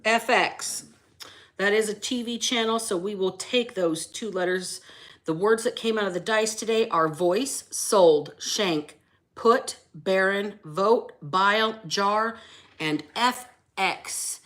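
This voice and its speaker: A woman's voice: medium pitch, slow, fairly bright tone. A woman hosting a casual tarot reading, brash and chatty, swearing freely and greeting her viewers. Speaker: tarot reader and channel host.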